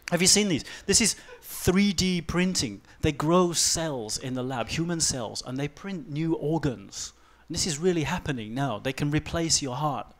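A man in his forties giving a fast-paced, humorous talk on stage, swinging from quiet asides to loud outbursts. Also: fairly high pitch. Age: 40s. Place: event stage before a live audience.

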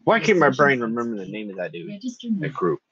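A man playing a tabletop game who talks with a lively, husky voice. His pitch jumps around a lot. The mic sounds dull and lo-fi, and the room is dry. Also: a little fast, dry recording. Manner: lively, playful in-character lines. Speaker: player. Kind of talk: casual tabletop play.

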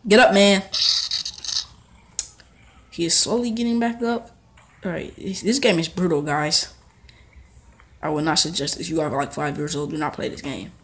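A young man giving casual gameplay commentary, excitable and talking back to the characters on screen. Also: a little high, moderate pace, pauses often. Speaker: gaming channel host.

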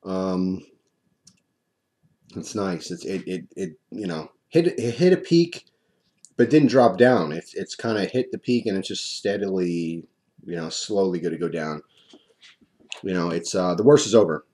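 A man with a deep, mellow voice talks casually at his desk while reviewing a hot sauce. He rambles and restarts his sentences in an easygoing way. His mouth is burning and he keeps drooling as he speaks. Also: measured pace. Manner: relaxed, chatty, rambling with restarts.

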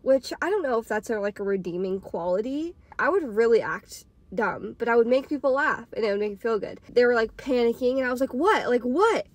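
Young woman in her twenties, raised pitch, dry close sound, rambling casual storytime full of "like.". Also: animated, a little fast, few pauses, dry recording. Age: 20s. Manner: rambling, filler-heavy with frequent "like". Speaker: podcaster and storytime vlogger.

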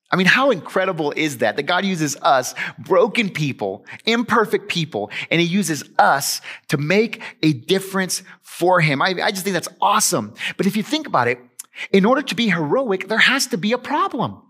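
A man preaching a sermon as pastor, conversational and animated, swinging between emphatic and hushed delivery. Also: on the high side.

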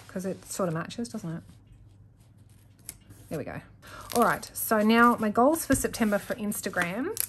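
Young woman, casual planner vlogger, rambles and self-corrects, mid-pitched. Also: slight background noise. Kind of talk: casual chatty narration while journaling.

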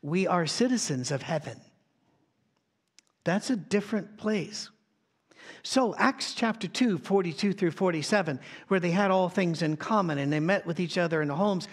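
Slightly high-voiced male pastor preaching. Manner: conversational storytelling with frequent restarts. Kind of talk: sermon. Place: church sound stage.

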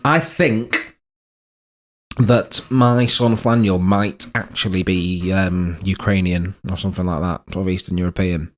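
A man's voice: low voice, fairly even intonation, a little slow. Laughing, swearing podcast guy. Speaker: podcast co-host. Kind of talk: casual banter.

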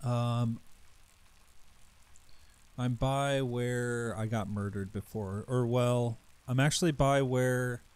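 A young man hosting a gaming video, chatting casually and excitedly with a friend through a headset mic, often repeating himself in mock panic. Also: medium pitch, slow, long pauses, clean tone. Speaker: gaming channel host. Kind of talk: casual gameplay chat with a friend.

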